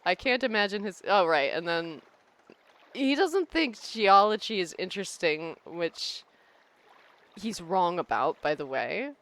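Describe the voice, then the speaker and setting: A woman's voice: on the low side, expressive, a little slow, a bit bright. A woman game streamer talking in casual live-stream chat, rambling and laughing often.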